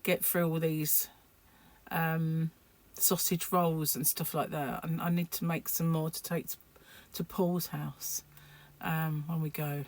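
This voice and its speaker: A tired woman rambles on to her home camera, her speaking voice sitting a touch low. She talks in a loose, chatty way, with plenty of fillers and false starts, and sounds short on sleep. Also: level tone, takes it slowly, darkish tone. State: sleep-deprived. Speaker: vlogger. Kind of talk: casual chat to camera.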